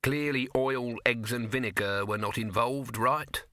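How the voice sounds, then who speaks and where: A dry, sarcastic diner poking fun at his food, as a man puts him on. Bright tone, dry close sound. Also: mid-range voice, measured pace, dry recording. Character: sardonic male diner in a queue.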